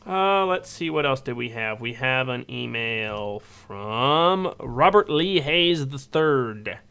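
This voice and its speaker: Clear-voiced man hosting a podcast. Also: mid-range voice, expressive, slow pace, sharp tone. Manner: rambling, many fillers and restarts. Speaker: podcast host. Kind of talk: casual chat, reading listener emails.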